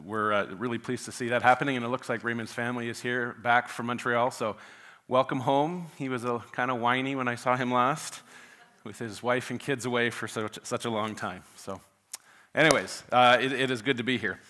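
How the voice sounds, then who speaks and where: A man's voice: medium pitch, steady tone, a little fast, pushed and bright. A man preaching to his church, folksy and chatty, with many filler uhs. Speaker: pastor. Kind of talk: sermon with a joke opener. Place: church sanctuary.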